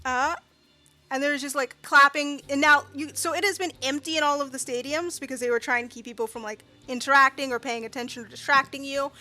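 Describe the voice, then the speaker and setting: A woman with a high, bright voice narrates a tabletop game as its game master. She talks chattily and trails off into fillers, with faint music behind her. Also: fairly even intonation, fast talker, few pauses.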